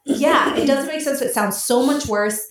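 Animated woman in an echoey room. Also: high voice, normal speed. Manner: animated storytelling, acts out quoted relatives. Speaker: co-host. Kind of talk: casual chat. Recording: echoey room, mic at a distance.

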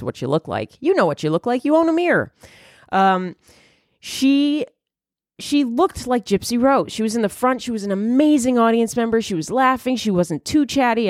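A woman comedian hosting a podcast, talking in a profane, rambling monologue that swings into loud high exclamations. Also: no echo, studio quality.

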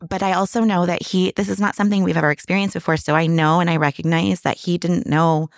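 A woman's voice: fairly low pitch, level tone, fast, dry recording, studio quality. A middle-aged woman telling a candid personal story in casual conversation, emotional and full of restarts. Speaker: guest.

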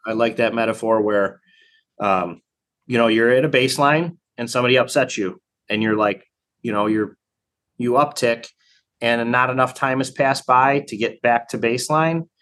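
A man talking in a relaxed interview as a training program director, thoughtful and full of fillers and restarts. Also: mid-range voice, normal speed. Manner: reflective, many fillers and restarts. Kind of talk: casual conversation.

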